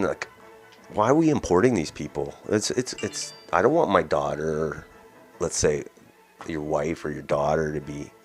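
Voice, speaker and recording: A man hosting a daily news commentary show, talking in a blunt, rambling, mocking way. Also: low-pitched. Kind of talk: casual opinion commentary.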